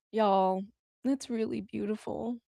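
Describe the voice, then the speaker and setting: A woman's voice: medium pitch, vocal fry, dark tone, no room sound, studio quality. An American woman hosting a live stream, chatting casually with viewers and talking through the app controls as she goes. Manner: chatty, fumbling aloud with app controls, addressing viewers as y'all. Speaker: livestream news host.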